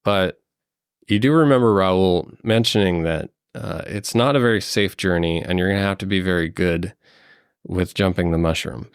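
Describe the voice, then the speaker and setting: A man's voice: sits low, moderate pace, clean tone, dry recording, studio quality. A man narrating as game master of a tabletop game, hesitant with many ums and uhs. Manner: hesitant, fills with um and uh.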